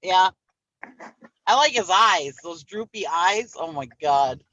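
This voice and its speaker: A woman's voice: on the low side, expressive, takes it slowly, bright, forceful tone, lo-fi sound, a little hiss or hum. A woman in a casual group chat, outspoken and giggly.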